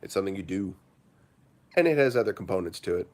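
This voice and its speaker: A man's voice: sits low, animated, fast talker, a little mellow. A man hosting a casual morning livestream, rambling with lots of fillers and breaking into laughter. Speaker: livestream host.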